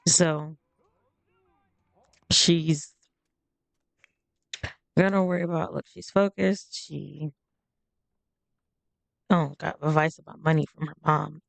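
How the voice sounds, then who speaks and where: A game streamer, a woman, chats her way through life-simulation gameplay in casual let's-play commentary that rambles with fillers and asides. Her voice is deep and flat, slow with vocal fry and long pauses. The recording is dry.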